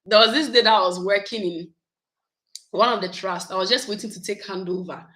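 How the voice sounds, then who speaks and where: A woman talks casually to her viewers from home. She is animated and chatty, laughing often as she goes. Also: medium pitch, a little fast, low-quality recording. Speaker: YouTube vlogger. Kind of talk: casual live chat with viewers.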